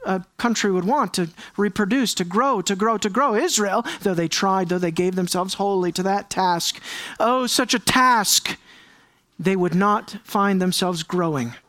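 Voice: a little slow, no room sound. Pastor delivering a dramatic sermon, prodding the congregation with questions; dry, close recording. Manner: dramatic, swings from raised, high emphasis to hushed near-whispers; fires rhetorical questions at the congregation.

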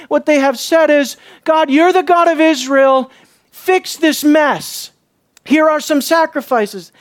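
A preacher delivering a sermon, repeating key lines and pressing the listeners with rhetorical questions. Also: sits high. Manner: rhetorical questions and emphatic repetition.

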